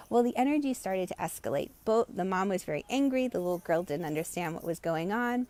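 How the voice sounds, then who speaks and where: A woman's voice: medium pitch, expressive, brisk, few pauses, darkish tone. A middle-aged woman, a meditation coach, talks to a live audience in an encouraging way and acts out the voices of people in her stories. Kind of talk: live-streamed guided meditation talk.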